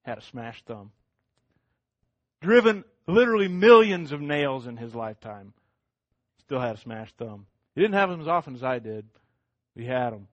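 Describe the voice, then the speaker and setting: A middle-aged man preaching a sermon as pastor, swinging between loud emphatic lines and hushed ones, with much repetition. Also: mid-range voice, animated, normal speed, pauses often, dry recording, dull audio.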